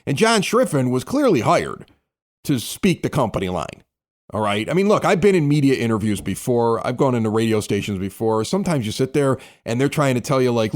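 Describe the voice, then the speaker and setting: A man co-hosting a sports podcast, ranting in a casual, animated way. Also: medium pitch, brisk. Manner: animated, ranting, acts out others' words. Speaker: podcast co-host.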